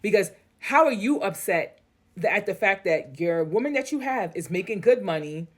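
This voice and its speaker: A woman with a medium-pitched, lively voice reads an online post aloud at a normal pace. She keeps stopping to add blunt, candid commentary, swearing freely as she goes.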